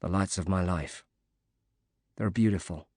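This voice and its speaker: A male narrator voicing a grateful widowed father recovering from injury, speaking softly and haltingly. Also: low-pitched, no echo. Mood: moved, grateful. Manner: soft, halting, moved.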